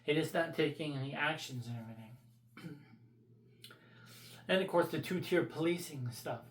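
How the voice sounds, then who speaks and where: A man's voice: on the high side, normal speed, echoey room. Blunt profane man ranting. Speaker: vlogger. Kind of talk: casual opinion rant.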